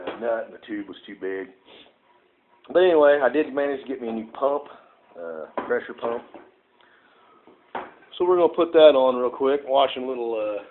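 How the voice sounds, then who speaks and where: A man chats in a rambling, folksy way as he restores an old lantern, throwing in "folks" and a lot of "uh"s. The sound is thin and tinny, the way a phone records, with a faint hiss underneath. His voice sits in a middling pitch for a man. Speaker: home repair vlogger. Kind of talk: casual talk while restoring a lantern.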